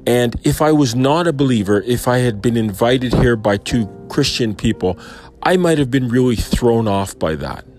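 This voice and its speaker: A man talking through his thoughts in an unscripted monologue, questioning and pausing often as he weighs his words. His voice sits at an ordinary middle pitch. Soft music plays faintly underneath. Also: lively intonation. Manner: thoughtful, questioning, with frequent pauses and fillers. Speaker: Christian believer reflecting on a sermon. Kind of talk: personal reflective monologue.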